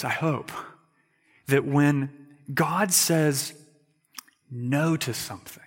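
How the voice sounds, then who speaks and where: A man preaching a sermon in an emphatic way, repeating words and dropping to quiet asides. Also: mid-range voice, slightly rough, long reverb tail. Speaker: pastor.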